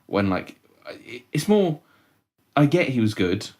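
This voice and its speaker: A young man co-hosting a casual football podcast, wry and quick to laugh, with mocking asides. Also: mid-range voice, sing-song, a little mellow. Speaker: podcast co-host, Tottenham fan. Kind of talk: casual chat.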